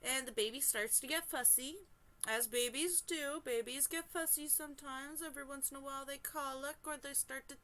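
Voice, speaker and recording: A woman hosting a reaction channel, reading a forum story aloud and breaking off into animated, exclaiming, apologetic asides. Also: high-pitched, moderate pace.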